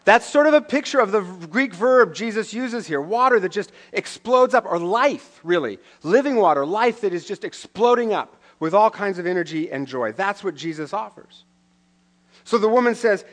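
Middle-aged guy preaching, kinda high voice, chatty sermon with dry jokes. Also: expressive, moderate pace, fairly bright tone. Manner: conversational preaching with wry asides. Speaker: pastor.

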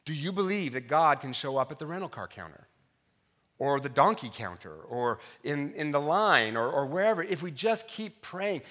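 Bright-voiced middle-aged pastor preaching. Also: male voice, on the high side, normal speed. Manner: animated storyteller, shifting from loud punchlines to soft, quiet reflection. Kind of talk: sermon with personal stories. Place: church sanctuary.

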